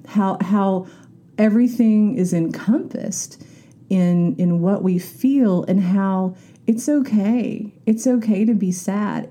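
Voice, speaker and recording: A woman's voice: on the low side, warm tone. A woman talking candidly in a casual reflective monologue, rambling a little and acting out the voices she quotes.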